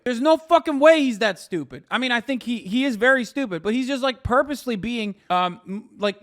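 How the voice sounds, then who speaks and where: A man streaming live, reacting to a clip with profane, animated ranting. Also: very high-pitched. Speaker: streamer and political commentator.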